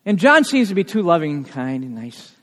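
A male pastor preaching a sermon in a church, animated and emphatic, with frequent asides to the congregation. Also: a little high, a little fast. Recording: long reverb of a large hall.

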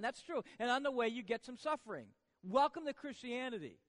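A man with a high, ringing voice preaches a sermon, dropping to near-quiet and then climbing to loud peaks. He keeps throwing questions back at the congregation. The sound carries the long tail of a big reverberant hall. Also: animated, a little fast, hardly any pauses. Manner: swings from hushed to loud, asks the congregation rhetorical questions. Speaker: pastor.

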